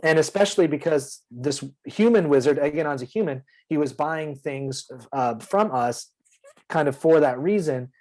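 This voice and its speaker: A man speaking in a somewhat raised pitch, talking casually about the character he plays. He is earnest and rambles, with lots of ums and restarts. It sounds like easygoing chat between game friends. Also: moderate pace, darkish tone, poor audio. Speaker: player.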